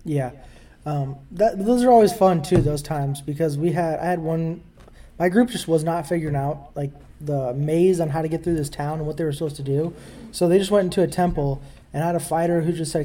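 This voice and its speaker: Fast-talking man with a mellow voice. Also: a little high. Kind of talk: casual conversation about tabletop games.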